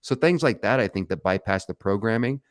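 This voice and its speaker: A man's voice: fairly low pitch, expressive, brisk, no room sound, studio quality. A man co-hosting a casual live stream, talking bluntly and joking with the others. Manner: blunt, swears, jokes with co-hosts. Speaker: co-host.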